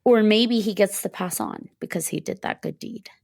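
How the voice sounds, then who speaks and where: A woman of middle pitch co-hosts a casual book-discussion podcast. She retells scenes with animated energy, slipping into quick put-on voices for the characters and laughing between phrases. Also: creaky, dry recording, clean studio sound. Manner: animated retelling, acting out characters' quoted lines. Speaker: podcast co-host.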